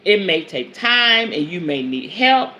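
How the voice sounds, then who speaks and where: A woman's voice: on the low side, very animated, a little slow, bright, forceful tone, slight background noise. A woman in her forties hosting a podcast, reading from a self-help book and breaking off to preach about it in a colloquial, emphatic way. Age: 40s. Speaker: podcast host and spiritual advisor.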